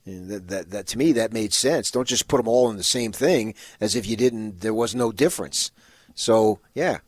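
A man's voice: mid-range voice, a little mellow, no room sound. A man co-hosting a morning sports radio show, talking in an emphatic, casual way and often repeating words as he starts a thought.

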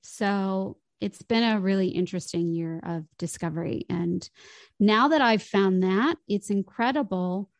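An articulate woman voice coach talks through her ideas in a smooth, flowing manner. Her voice sits at an ordinary middle pitch, and the recording is close and dry with no room sound. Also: measured pace, no room sound. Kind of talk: podcast interview conversation.

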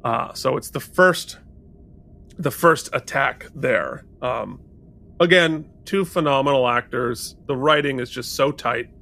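A gravelly, medium-pitched voice speaks slowly here. The man co-hosts a podcast, casually recapping and reviewing a TV episode with animation and quoting its lines.

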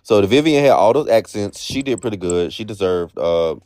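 A man's voice: lowish voice, moderate pace, no echo, studio quality. A man co-hosting a podcast, chatting casually about a reality show and acting out his own reactions. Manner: expressive, swears, acts out his own reactions. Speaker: podcast co-host.

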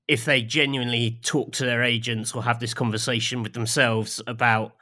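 A man's voice: mid-range voice, little pitch movement, moderate pace, pushed and bright. A man co-hosting a podcast in casual chat, musing loosely and trailing off with fillers. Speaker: podcast co-host.

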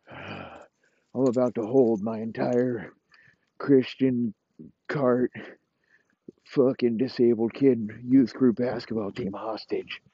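A man voicing an unhinged male quarterback delivering slow, deadpan threats. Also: medium pitch, husky, no echo, muffled recording, full character voice. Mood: menacing.

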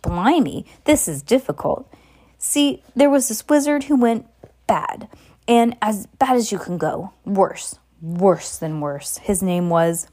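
A woman's voice: mid-range voice, expressive, slow pace, mellow. A woman voicing a big, kindly male groundskeeper who talks in a rustic dialect with dropped endings, in an amateur audiobook reading. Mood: worried.

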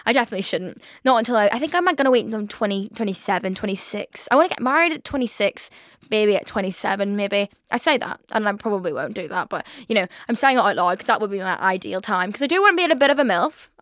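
A woman's voice: mid-range voice, lively intonation, fast talker, a bit bright, no room sound, clean studio sound. A twenty-year-old woman hosting a casual solo podcast, chatting freely with lots of fillers and swearing. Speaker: podcast host. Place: London.

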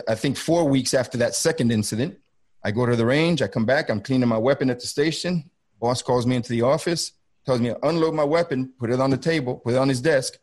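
A man's voice: medium pitch, darkish tone. Intense middle-aged man recounting a fight. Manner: intense, halting, repeats himself. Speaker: former federal border agent, guest. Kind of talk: first-person storytelling on a video call. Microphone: video call.

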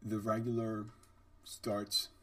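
A man's voice: on the low side, completely flat delivery, slow, fairly bright tone, no room sound, recorded from a distance. A middle-aged man, a bartender hosting a podcast, telling stories and reflecting in a rambling, conversational way. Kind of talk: reflective storytelling monologue.

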